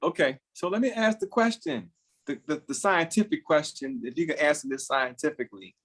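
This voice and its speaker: A man from Miami hosting a podcast, animated and joking, often laughing as he talks. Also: on the high side, a little fast. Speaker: podcast host. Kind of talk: casual podcast conversation.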